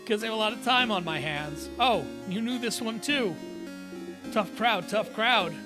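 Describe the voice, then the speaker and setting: A man's voice: high voice, normal speed, music in the background, natural voice. A man voicing a cheerful, joking young fighter who tells puns in a playful, teasing way. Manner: upbeat, teasing, delivering puns.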